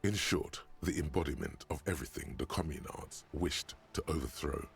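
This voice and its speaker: A man voicing a wry, deadpan narrator in a detective video game, with a dry, sardonic delivery. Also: a bass voice, moderate pace.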